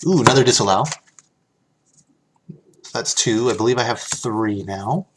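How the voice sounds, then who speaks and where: A man of middle pitch chats through a live stream in a relaxed, rambling way. He reads card text aloud, laughs easily and keeps thanking viewers. A faint hiss sits under his desk mic. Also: unhurried. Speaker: streamer opening card packs. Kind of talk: casual live-stream chat.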